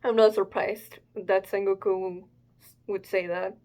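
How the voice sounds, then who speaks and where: A woman's voice: medium pitch, fairly even intonation, measured pace, dark tone. A young adult woman giving casual reaction commentary, thinking aloud hesitantly with fillers as she hosts her own video. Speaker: manga reaction host.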